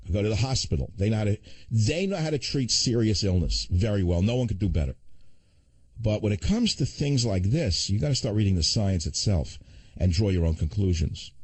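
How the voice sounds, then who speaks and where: An older man hosting a talk radio show, ranting fast with sarcastic asides. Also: on the low side, a little mellow, no echo.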